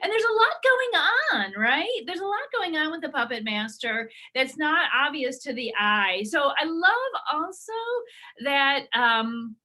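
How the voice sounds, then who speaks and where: A woman's voice: sits high, sing-song, unhurried, pushed and bright, pitched above the performer's own voice, full character voice. A woman playing a gushing, overexcited salon guest who squeals her lines.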